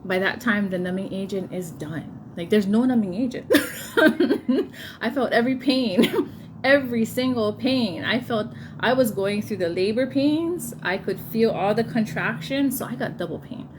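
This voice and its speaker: A woman in her thirties casually telling a personal story, laughing often and getting animated when she quotes people. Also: a little high, unhurried, background noise. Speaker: vlogger telling a birth story.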